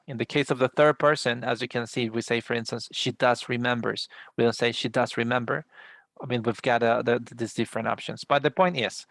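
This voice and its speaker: A man with a gravelly, creaky voice walks his students through an English lesson on a video call. His speech is dry and close, with no room sound. He explains patiently, restarting sentences and filling pauses as he goes. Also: mid-range voice, a bit bright, no echo. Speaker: English teacher. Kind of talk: online class instructions.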